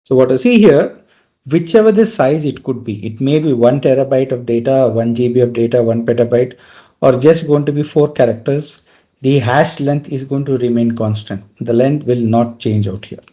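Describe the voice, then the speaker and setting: A man's voice: mid-range voice, moderate pace, mellow, lo-fi sound. A male trainer giving a live technical lecture, explaining step by step and often checking in with "right?".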